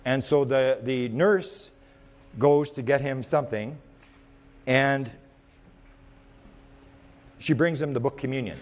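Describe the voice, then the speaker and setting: A man's voice: mid-range voice, takes it slowly, pauses often. A man giving a UFO research talk, telling stories in a rambling way with many restarts. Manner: rambling, with frequent restarts and repeated words; animated storyteller who speaks in the present tense. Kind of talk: anecdotal storytelling lecture.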